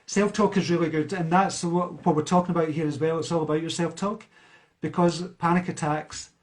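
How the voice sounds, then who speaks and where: A fairly high-pitched Scottish man from the outskirts of a large city speaks fairly quickly and with fairly even intonation. A self-help speaker, he responds to viewer comments on a live stream in a conversational way, often using fillers and starting over.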